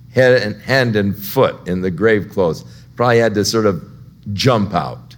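A male preacher works through a Bible passage in a slow, deliberate teaching style. His voice sits in an ordinary middle register, and it rises and grows louder as he presses the key moments. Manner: unhurried, conversational, rising to a loud pitch at dramatic points. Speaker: pastor. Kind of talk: verse-by-verse Bible teaching sermon.

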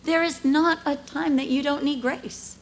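A middle-aged woman preaching a sermon, expressive, acting out voices and dropping to hushed asides. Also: sits high, a little slow, a little hiss or hum. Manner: expressive, acts out dialogue, drops to hushed asides.

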